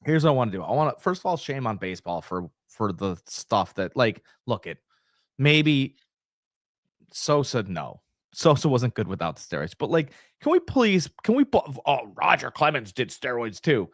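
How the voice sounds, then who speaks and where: A man's voice: mid-range voice, very animated, normal speed, no echo, studio quality. A man co-hosting a casual sports podcast, rambling and acting out quoted voices as he argues. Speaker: co-host.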